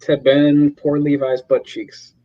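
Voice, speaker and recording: A man casually recapping a comic on a podcast, animatedly retelling scenes and acting out characters' lines. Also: slow pace. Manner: animated retelling, mimics characters with high strained voices. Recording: dull lo-fi recording.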